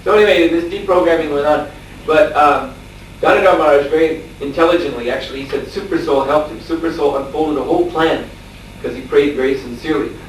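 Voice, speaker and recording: A man, a monk lecturer, telling a story in a scripture class, chuckling often and filling his pauses with "uh". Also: a little high. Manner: storytelling with chuckles and frequent fillers. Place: lecture room at a farmstead. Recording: echoey room, distant mic, faint hiss.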